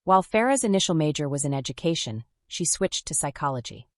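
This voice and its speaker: A woman with a low voice narrates a scripted commentary, measured and wry in delivery. The sound is close and dry, with no room around it. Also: big pitch swings, no room sound.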